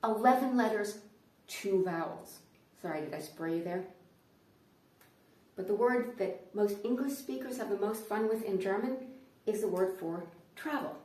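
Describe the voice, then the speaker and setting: A woman comedian performing a stand-up routine, telling her stories in an animated way. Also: mid-range voice, moderate pace, pauses often. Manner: animated storytelling. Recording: roomy, distant mic.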